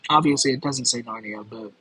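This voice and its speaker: A man's voice: medium pitch, brisk, sharp tone, slightly rough, poor audio. A man chatting casually on a livestream as a tarot card reader, rambling and restarting his sentences with lots of fillers and giggles. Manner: rambling and self-interrupting, with many fillers and giggles. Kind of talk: casual livestream chat with viewers.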